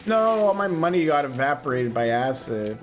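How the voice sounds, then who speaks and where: A man's voice: on the high side, very animated, moderate pace, faint music behind. A man streaming a video game, chatting casually with playful, reactive commentary.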